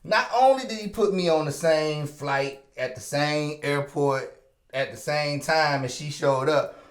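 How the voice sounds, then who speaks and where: Animated male podcast host, roomy sound. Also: fairly high pitch, a little slow. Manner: lively, acts out quoted dialogue, laughs often. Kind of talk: animated storytelling chat. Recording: roomy echoey room.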